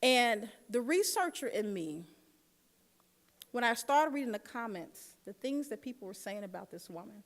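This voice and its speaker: A woman's voice: on the high side, lively intonation, normal speed. A woman giving a keynote speech at a dinner, telling a personal story and talking straight to the audience. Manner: storytelling, engages audience directly. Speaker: keynote speaker. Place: large dinner hall. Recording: long hall reverb.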